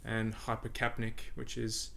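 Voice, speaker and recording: Gravelly-voiced man chatting. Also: on the low side, measured pace, a little hiss or hum. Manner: relaxed, laughs often, explains with examples. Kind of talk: casual conversation.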